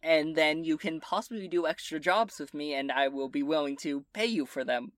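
A woman's voice: sits low, moderate pace, dry recording, studio quality. A woman narrating and voicing characters as game master of a tabletop role-play, casual and hesitant.

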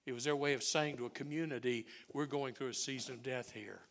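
Bright-voiced preacher man. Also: medium pitch, fairly quick. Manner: animated storyteller who drops to near-whispers. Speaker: pastor. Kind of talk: sermon.

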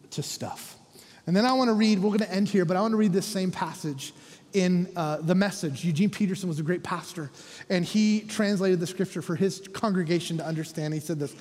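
A middle-aged North American man preaching a sermon as a pastor, with animated humor and lines that drop to a soft, quiet close. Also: high-pitched. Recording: reverberant church hall.

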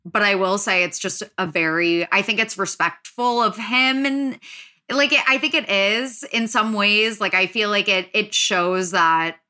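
A young adult woman hosting a podcast in casual chat, talking quickly with lots of fillers and animated asides. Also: medium pitch. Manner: chatty, filler-heavy, animated. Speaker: podcast host.

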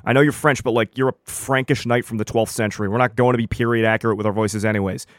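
A man's voice: mid-range voice, steady tone, quick pace, dry recording, studio quality. A man, the creator and game master of the show, bantering casually and exasperatedly, swearing freely.

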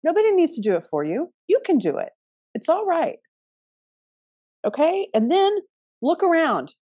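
A woman's voice: high-pitched, very animated, normal speed, warm tone, no room sound, clean studio sound. A middle-aged woman hosting a casual astrology talk, chatty, restarting often and laughing now and then. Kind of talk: casual spoken advice.

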